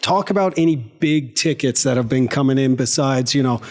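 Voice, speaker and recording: A man's voice: medium pitch, normal speed, a little mellow. A man hosting a sports betting podcast, reading odds and teasing his co-hosts. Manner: jokey, teasing. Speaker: podcast host.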